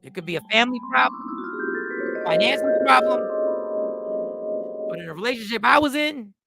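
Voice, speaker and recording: A man's voice: extremely high pitch, lively intonation, normal speed, vocal fry, loud music behind the voice. A man in his fifties, a comedian and host, telling a rambling, self-mocking story in a casual style.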